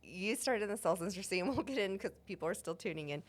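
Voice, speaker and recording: A woman's voice: mid-range voice, quick pace. Lady podcast host, chatty, laughs a lot, casual. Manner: laughs often, chatty and animated. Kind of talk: casual chat.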